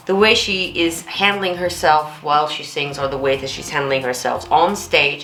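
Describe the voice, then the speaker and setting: A woman talks through a performance as a vocal coach in an enthusiastic, chatty way. Her voice sits low, and the room gives back a noticeable echo while music plays faintly underneath. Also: fairly bright tone. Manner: enthusiastic, chatty, repeats words often. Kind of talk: reaction commentary.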